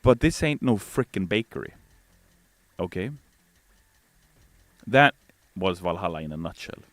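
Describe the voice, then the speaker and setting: A man's voice: low-pitched, expressive, fairly bright tone, dry recording. A man with a Swedish accent, a game developer live-streaming and reading chat, joking around in a playful, theatrical way. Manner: playful, theatrical, quick to put on silly voices.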